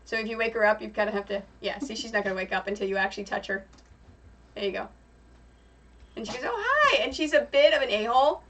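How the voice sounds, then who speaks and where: A woman's voice: medium pitch, quick pace, long pauses. A young woman hosting a casual crafting livestream, chatting in a rambling way. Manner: chatty and rambling, breaks off to hush her pets. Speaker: streamer host. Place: home craft room. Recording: distant mic with steady background noise.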